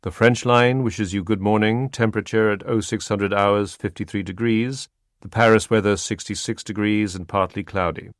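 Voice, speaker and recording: A formal announcer on an ocean liner, voiced by a male audiobook narrator. The voice is low and dry, reading notices in an even, official manner. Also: moderate pace, dry recording, natural voice.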